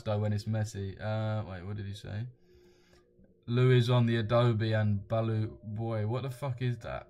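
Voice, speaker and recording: Slangy young man, low-voiced. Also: a little mellow, slight background noise. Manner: blunt, slangy, swears freely, chuckles while reading chat. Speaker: trading livestream host. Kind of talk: casual livestream chat, reading viewer comments.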